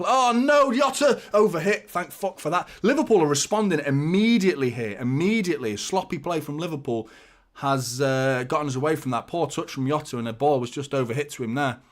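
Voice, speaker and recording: Bloke doing a live footy watchalong, chatty fan commentary, gets loud and sweary at goals. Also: male voice, a little high. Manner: chatty, addresses viewers as mate. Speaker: watchalong host. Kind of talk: live match commentary and chat.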